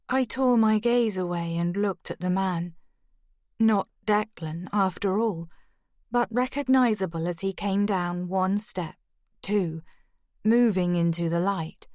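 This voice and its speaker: A woman narrating an audiobook in a measured, steady first-person reading. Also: medium pitch, no room sound, studio quality.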